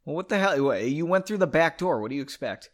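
A man's voice: a little high, lively intonation, fast talker. Man reading his book aloud with jokes. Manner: joking asides, self-corrections. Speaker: reader of his own book.

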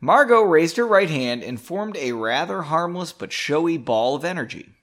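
A man's voice: a little high, animated, moderate pace, hardly any pauses, fairly bright tone. Chatty, self-mocking male storyteller. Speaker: author reading his own story. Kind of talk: casual storytelling with rambling commentary.

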